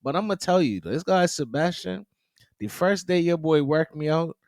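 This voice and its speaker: A man's voice: a little high, brisk, no echo, studio quality. A man co-hosting a podcast, telling stories in a loose, slangy way and quoting others in his own voice. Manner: animated storyteller, quotes people in his own voice; loose slangy talk with frequent "you know what I'm saying". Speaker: podcast co-host. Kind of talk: casual chat.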